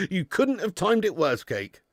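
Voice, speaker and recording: A man's voice: high-pitched, sing-song, a little slow, no room sound. A man hosting a live football watch-along stream, reading out donations and bantering with viewers in a chatty manner with frequent laughs.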